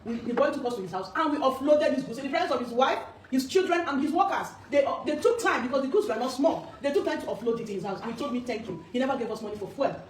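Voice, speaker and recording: A woman's voice: high-pitched, animated, fast talker, hardly any pauses. A woman, a business owner giving an earnest, urgent personal account that quotes what people said to her. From Nigeria. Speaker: business owner making corporate gifts. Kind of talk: emotional personal testimony. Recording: echoey room, distant mic, faint noise.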